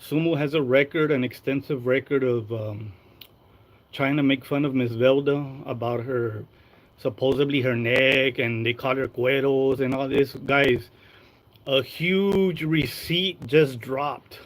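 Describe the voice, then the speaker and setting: Male streamer, mid-pitched voice, crude gossip, rambling, slips into Spanish slang. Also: fairly even intonation, measured pace, low-quality recording. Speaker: live-stream host. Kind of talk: casual gossip livestream.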